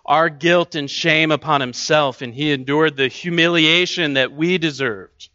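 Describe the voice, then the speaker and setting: Guy preaching in church, bright voice, kinda higher pitched, muffled dry recording. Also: measured pace, dry recording. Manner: earnest, conversational preaching with repeated restarts. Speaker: pastor. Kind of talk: sermon.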